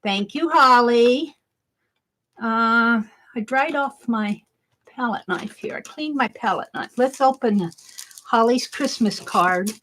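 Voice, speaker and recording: A woman's voice: on the high side, slow, a bit bright, slight background noise, rough recording. A middle-aged woman chatting cheerfully while she crafts at home, thinking aloud as she works. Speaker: craft vlogger. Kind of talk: casual crafting vlog chat.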